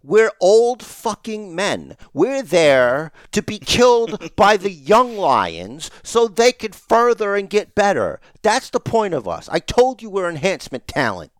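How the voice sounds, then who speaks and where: Podcast co-host, middle-aged man, high animated voice, dry close mic, ranting and profane. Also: measured pace, few pauses, no room sound. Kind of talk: casual wrestling podcast chat.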